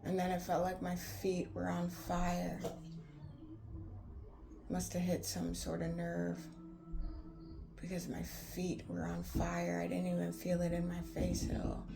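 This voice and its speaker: Gravelly low-voiced woman, blunt and profane. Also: monotone, unhurried, long pauses, over music. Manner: rambling, with many fillers like "like" and "anywho". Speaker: vlogger telling her own story. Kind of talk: candid personal storytelling.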